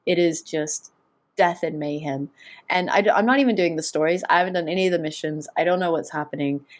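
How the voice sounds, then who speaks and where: Woman, slightly low pitch, chatty, self-mocking, casual podcast talk. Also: brisk. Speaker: podcast co-host. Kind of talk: casual chat.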